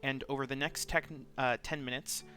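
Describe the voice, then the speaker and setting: A man's voice: medium pitch, steady tone, normal speed, pushed and bright, soft background music. A man playing a tabletop game, speaking hesitantly with many ums. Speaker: player.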